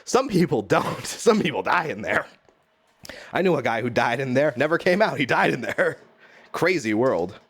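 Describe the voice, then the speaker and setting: A man's voice: medium pitch, sing-song, moderate pace, a bit bright, breathy edge. A man streaming live from his home kitchen, rambling and joking at his own expense while he cooks and talks to chat.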